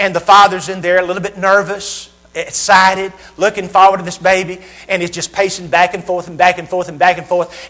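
A man with a Southern American accent preaching a sermon, asking his listeners questions and pausing for effect. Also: high-pitched, bright, forceful tone. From Southern United States. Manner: rhetorical questions with dramatic pauses.

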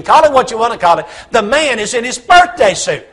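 Husky, high-voiced preacher. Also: male voice, sing-song, fairly quick, hardly any pauses, fairly bright tone. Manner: humorous storytelling with acted-out voices. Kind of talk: sermon.

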